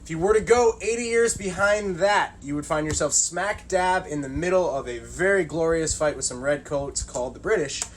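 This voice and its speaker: A man's voice: fairly high pitch, normal speed, few pauses, a little hiss or hum, rough recording. A middle-aged man hosting his own channel, talking casually in a loose, rambling monologue full of fillers. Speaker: channel host.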